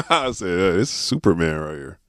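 A man hosting a casual podcast with his father, relaxed and laughing along. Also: deep voice, moderate pace, no room sound. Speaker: podcast host, the guest's son.

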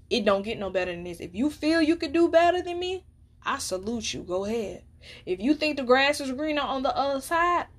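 Woman, solo podcast host, casual monologue, blunt and emphatic, swears. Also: medium pitch. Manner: candid, emphatic, preachy, swears freely.

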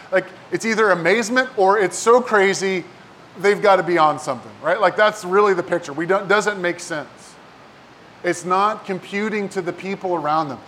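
High-voiced man preaching casually. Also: fairly bright tone, a little hiss or hum. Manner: casual, talks with many rhetorical "right?" and "like" asides. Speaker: pastor. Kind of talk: conversational sermon.

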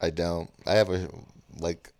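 A man's voice: low-pitched, fairly even intonation, a little slow, darkish tone. A man chiming in with dry jokes during a casual chat with his partner. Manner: dry joking interjections.

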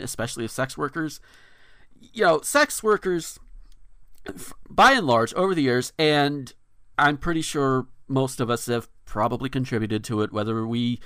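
A man's voice: medium pitch, a bit bright, smooth, dry recording, studio quality. A man hosting a casual podcast, reading news items aloud with frequent fillers and restarts. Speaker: podcast host.

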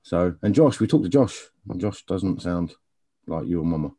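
A man's voice: sits low, animated, moderate pace, mellow. A man hosting a podcast, chatty and laughing often. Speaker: podcast host. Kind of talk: casual chat.

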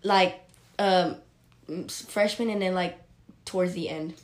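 A man's voice: high voice, steady tone, unhurried. A man guest in a casual chat with friends, offhand and jokey, dropping Spanish phrases. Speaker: podcast guest. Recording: echoey room with faint noise.

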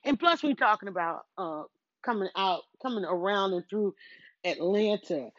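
A chatty middle-aged woman rambles through a winding story in a casual vlog while doing chores and moving from room to room at home. She keeps interrupting herself and acts out her thoughts as quoted self-talk. Her mid-range voice is expressive at normal speed, and the headset mic sounds close, dry, a little muffled, with no room sound.

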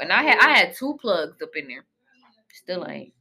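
A young woman in casual chat with friends, playful and joking with quick remarks. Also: medium pitch, animated, creaky, pushed and bright. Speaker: podcast co-host.

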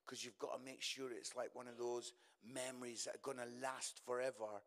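A man's voice: mid-range voice, little pitch movement, brisk, fairly bright tone. A middle-aged man giving a humorous sermon as a guest speaker at a church service. He is chatty and jokey and often tags his lines with "yeah?". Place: church service before a congregation.

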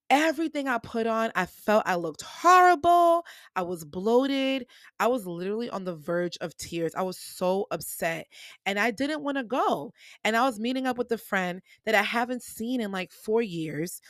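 A woman's voice: medium pitch, dry recording, clean studio sound. A young adult woman hosting a podcast, talking casually and encouragingly to her listeners, calling them y'all. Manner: animated, chatty, addresses listeners as y'all. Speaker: podcast host. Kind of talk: casual motivational podcast talk.

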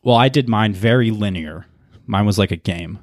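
Laid-back podcast host man, lowish voice. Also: moderate pace, dry recording, clean studio sound. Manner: laid-back, swears casually. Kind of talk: casual chat.

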